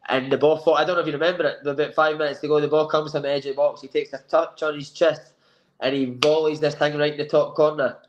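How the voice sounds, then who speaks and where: A man with a Scottish accent, a guest telling lively anecdotes and acting out the dialogue in a sofa chat. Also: on the high side, fast, muffled recording. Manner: lively storyteller who acts out quoted dialogue. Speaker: former footballer guest.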